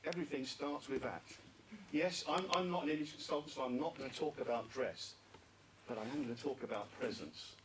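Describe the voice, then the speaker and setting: A man's voice: medium pitch, brisk. A man giving an interactive talk at a speaking club conference, asking the audience questions and repeating their answers. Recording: distant mic with faint background noise.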